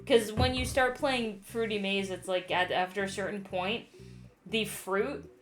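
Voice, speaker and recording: A woman's voice: medium pitch, fairly even intonation, a little slow. Drunk young woman ranting about game lore, keeps swearing and tripping over words, bit of music in the background. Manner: exasperated, rambling, swearing, frequent laughter and stammered restarts. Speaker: YouTube host explaining game lore. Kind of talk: casual rambling chat.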